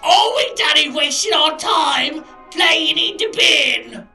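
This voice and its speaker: A woman in an improv comedy scene voicing a mischievous little girl who whines and shouts about her papa. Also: expressive, slow, faint music behind, exaggerated voice. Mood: whiny. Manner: whiny, shrill, shouting childish complaints.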